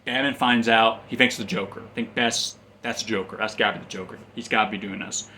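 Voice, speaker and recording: A man's voice: on the low side, steady tone, fairly quick, bright, forceful tone, a little hiss or hum. A man casually recapping a comic's plot as a reviewer, rambling with frequent ums and restarts.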